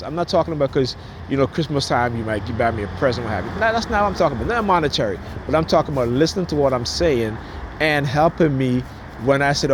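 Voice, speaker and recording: Man vlogging outdoors, mid-pitched rambling talk, faint traffic behind. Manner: rambling and repetitive, restarts a lot, chuckles. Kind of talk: casual monologue to camera.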